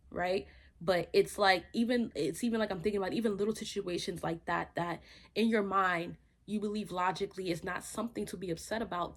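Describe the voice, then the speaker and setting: A woman's voice: medium pitch, fairly even intonation, a little fast. A woman sharing a personal faith testimony in a conversational, reflective way, with many fillers and restarts. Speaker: faith podcast host.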